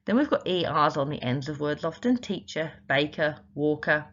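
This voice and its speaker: A woman's voice: deep voice, lively intonation, moderate pace, a bit bright, muffled recording. A woman teaching spelling in an instructional video, explaining patiently step by step with many examples and frequent "um" fillers. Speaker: literacy teacher trainer.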